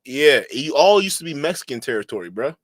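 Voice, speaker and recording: A man's voice: medium pitch, sing-song, brisk, no room sound. A man hosting a livestream, reacting to a clip with laughing, mocking, slangy commentary. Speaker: streamer host.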